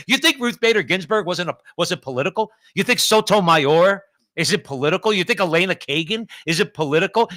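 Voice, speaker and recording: Fiery, high, bright-voiced male host. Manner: fiery, rising to shouts, stacked rhetorical questions. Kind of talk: political talk show commentary.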